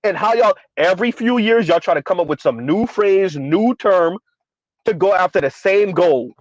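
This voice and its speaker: A man's voice: high-pitched, lively intonation, normal speed, no echo, muffled recording. A man ranting in a sardonic, exasperated commentary vlog, hammering his points by repeating them. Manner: sardonic, exasperated, repetitive emphasis. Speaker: commentary vlogger.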